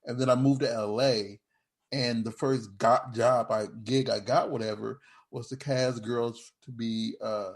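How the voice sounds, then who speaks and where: A man's voice: mid-range voice, fairly even intonation, measured pace. A man hosting a podcast in casual chat, rambling with frequent restarts and laughing as he talks. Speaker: podcast host.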